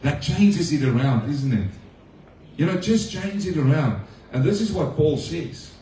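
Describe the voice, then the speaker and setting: Male pastor, mellow voice, slightly high, talking to his flock, roomy distant sound. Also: animated, unhurried, a little hiss or hum. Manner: conversational preaching with rhetorical questions to the congregation. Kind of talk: sermon. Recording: echoey room, speaker off-mic.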